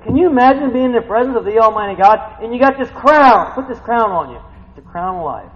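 An older man preaches a sermon with a high, very lively voice. He drops to near murmurs, then climbs to excited shouts. The sound is dull and washed in a hall's long reverb. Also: a little fast. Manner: animated, swings from quiet to shouting. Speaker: pastor.

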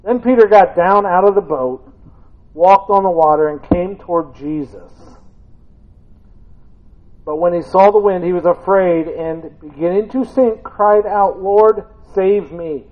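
A man's voice: high voice, a little slow. A man preaching a conversational sermon, telling stories with humor and acting out voices from the reading. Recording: tinny phone-like sound.

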